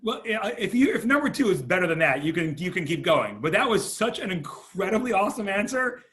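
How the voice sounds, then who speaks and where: Male moderator, high bright voice, upbeat, heard a bit off-mic. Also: very animated, a little fast. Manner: enthusiastic, playful. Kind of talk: moderating a panel.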